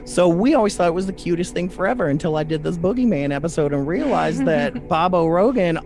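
A man's voice: fairly quick, soft background music. A man co-hosting a horror podcast, telling stories with a mixed Midwest and Kentucky accent. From Toledo, Ohio; moved to Kentucky at fourteen. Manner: animated storyteller, lively pitch swings. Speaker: podcast co-host. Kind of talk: casual podcast chat.

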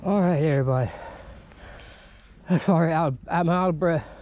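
A man's voice: on the high side, normal speed, dull audio, over music. Casual man vlogging in the woods. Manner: talks to his dog, swears casually. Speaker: bushcraft vlogger. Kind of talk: casual vlog talk. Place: outdoors in the woods.

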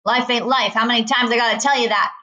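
A woman's voice: on the high side, steady tone, fast, bright, forceful tone, muffled recording. A woman doing a blunt, dismissive tough man.

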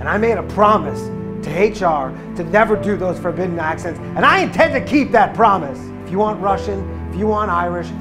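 A man in a comedy sketch plays a defensive worker with a lively, up-and-down pitch. He argues and ends up shouting. Light music plays underneath. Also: fairly quick. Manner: defensive, escalating to yelling.

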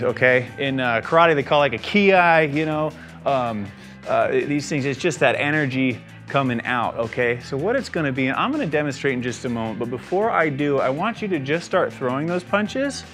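Young male instructor guiding a movement class, mid-pitched and steady, encouraging and checking in with "okay?" after each cue. Faint guitar music plays softly underneath. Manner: encouraging coaching cues, frequent "okay?" check-ins. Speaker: fitness instructor. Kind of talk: guided exercise class instruction.

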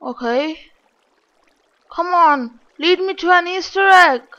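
A woman's voice: very high-pitched, takes it slowly, pushed and bright. A woman giving casual game commentary, complaining aloud to her viewers in an exasperated way. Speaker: gaming channel host. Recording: dull lo-fi.

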